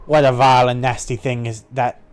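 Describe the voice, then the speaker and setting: A man's voice: mid-range voice, flat delivery, a little fast, clean tone, lightly acted. A man voicing a boastful, mocking pirate with a growling pirate accent while reading game dialogue on a stream. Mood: gloating. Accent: put-on pirate accent. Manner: pirate dialect, growling, swaggering. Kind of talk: live-streamed game playthrough.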